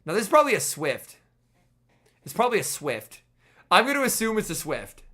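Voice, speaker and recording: A man with a hoarse, strained voice streams a game and talks to his viewers. His voice sits high and jumps all over, and the tone is bright and sharp. He reacts excitably to each turn of play. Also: a little fast. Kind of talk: casual gaming livestream chat.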